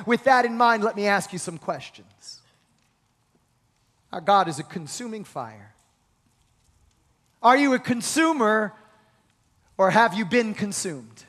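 A male pastor preaching a sermon with energetic rhetorical questions and call-and-response with the congregation. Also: sits high, unhurried, long pauses. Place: church hall. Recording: reverberant hall.

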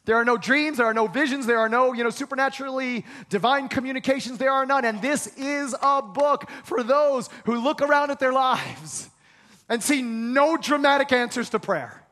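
Very high, bright, and forceful, the man's voice carries a pastor's sermon through a reverberant hall. He preaches dramatically, voicing conversations himself and mounting to emphatic repetition.

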